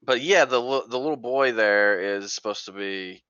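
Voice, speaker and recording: A man chats casually on a gaming podcast, wandering through his thoughts with plenty of ums and restarts. His voice comes across smooth and clean in a dry, close space. The recording itself sounds a little dull and muffled. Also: medium pitch, normal speed, pushed and bright, dry recording. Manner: rambling, trails off and restarts with fillers. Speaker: podcast co-host.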